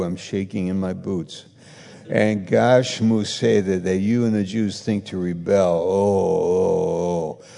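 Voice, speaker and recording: A male preacher with a gravelly, mellow voice, delivering a sermon in a hall with long reverb. He reads scripture, tosses in sarcastic asides, and acts out both sides of imagined exchanges before building to emphatic declarations. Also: on the low side. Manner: acts out imagined dialogue, mocking asides, rises to emphatic passages.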